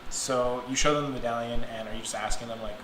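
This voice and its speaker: A man's voice: medium pitch, steady tone. Casual man running a tabletop game. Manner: casual, halting, lots of fillers. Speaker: game master. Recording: roomy room with background noise.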